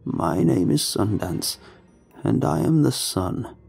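Male narrator doing a croaking, low, slow creepy sun thing, cold and insistent, dark tone, horror reading. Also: big pitch swings, faint music behind, full character voice. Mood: creepy coaxing. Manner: slow, drawn-out, coaxing.

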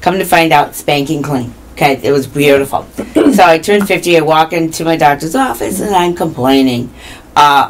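A woman in her fifties from Iowa, guest on a community TV talk show, telling her story in a lively way with acted-out quotes. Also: sits low, moderate pace, slight background noise. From Iowa, US Midwest. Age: 50s. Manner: animated, acts out quoted dialogue. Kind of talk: casual interview storytelling.

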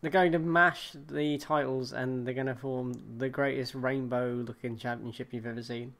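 A man co-hosting a podcast, rambling and swearing in relaxed banter. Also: mid-range voice, moderate pace. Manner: laid-back, rambling, sweary. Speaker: podcast co-host.

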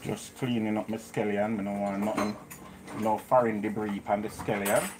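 Speaking at a moderate pace in a lowish, fairly flat voice, a Jamaican-accented man runs a live cooking stream from his home kitchen. He chats and greets viewers by name over a very noisy recording.

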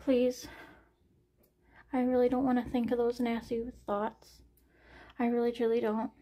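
Slow, anxious, sighing woman in her forties. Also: fairly high pitch, little pitch movement, mellow. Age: 40s. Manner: anxious, frequent sighs, trailing off. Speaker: vlogger. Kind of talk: personal late-night vlog monologue.

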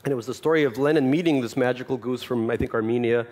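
A man's voice: mid-range voice, quick pace, darkish tone. A Russian-born man with Russian as his first language, an author reading from his memoir and then chatting about it with dry, self-mocking humor.

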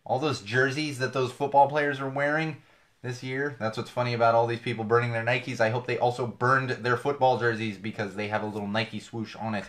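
A man's voice: medium pitch, steady tone, fairly quick, a bit bright. A man hosting a podcast, talking through the news in a casual, sarcastic way with many fillers and restarts. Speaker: podcast host. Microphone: podcast microphone.

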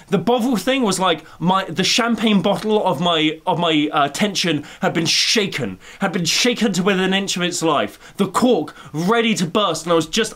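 Brief: male video essayist, high-pitched, rambling, excitable, bursts into shouting. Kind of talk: comedic film review rant.

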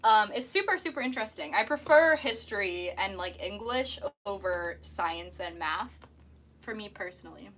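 Young woman, mermaid streamer, bright tense tone, chatty, giggly, casual stream talk. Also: mid-range voice, expressive, moderate pace. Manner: chatty and giggly, answering chat while painting nails. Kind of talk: casual live-stream chat.

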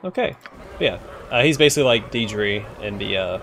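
A man's voice: lowish voice, expressive, moderate pace, fairly bright tone. A man giving casual let's play commentary, thinking aloud with frequent hesitations.

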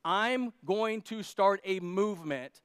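A man's voice: high-pitched, expressive, takes it slowly, fairly bright tone, clean tone, no echo, clean studio sound. A male pastor preaching a sermon at a church service in a joking, conversational way.

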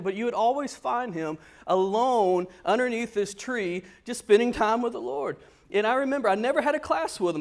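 A man preaching with a notably high voice, telling a story in an animated, conversational way. He speaks to a congregation like a pastor chatting with friends. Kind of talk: storytelling sermon.

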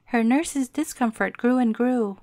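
A woman storyteller reading a bedtime fairy tale in a gentle, measured way. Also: fairly high pitch, no room sound, studio quality.

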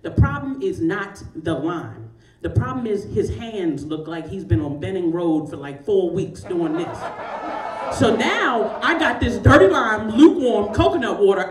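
A woman's voice: medium pitch, animated, moderate pace, echoey room, distant mic, a crowd in the background. A woman in her forties doing a stand-up comedy set, telling a profane story with big swings of her voice. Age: 40s. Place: comedy show in a large store.

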